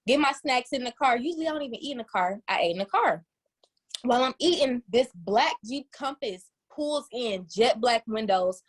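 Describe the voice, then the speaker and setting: Animated high-voiced woman from Detroit. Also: moderate pace. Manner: animated, swooping up high when quoting herself. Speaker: podcast co-host. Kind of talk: casual storytelling.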